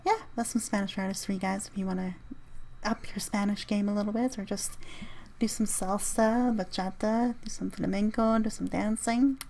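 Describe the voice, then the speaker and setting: A woman's voice: medium pitch, steady tone, normal speed, vocal fry, warm tone, slight background noise. A woman hosting a casual solo podcast, rambling as she reads through her playlist and spells out artist names. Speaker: podcast host.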